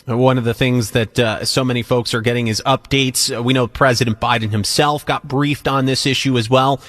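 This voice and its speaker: New radio anchor, male, steady studio read with the odd "uh". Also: mid-range voice. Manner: measured delivery with frequent uh fillers. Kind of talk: live news anchoring.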